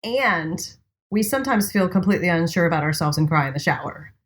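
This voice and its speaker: Woman podcast co-host, supportive chatty manner, lowish voice. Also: expressive, fairly quick. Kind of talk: casual podcast conversation.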